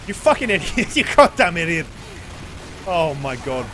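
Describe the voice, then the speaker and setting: A young man giving live, excitable commentary on his own gameplay as a streamer, swearing and yelling at the screen. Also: fairly high pitch, moderate pace. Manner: excitable, swears a lot, yells at the game.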